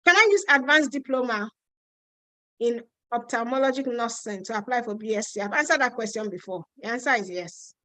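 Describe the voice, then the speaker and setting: Bright-voiced Nigerian woman answering live questions. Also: on the high side, brisk, no room sound, rough recording. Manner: chatty, reads out questions, frank and teasing. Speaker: host answering viewer questions on a live stream. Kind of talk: casual live Q&A.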